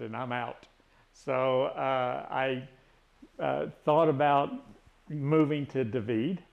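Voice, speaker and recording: A man talking casually to his viewers, speaking slowly and haltingly with lots of fillers and pauses. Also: a little high, gravelly. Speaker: vlogger. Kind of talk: casual talk to camera.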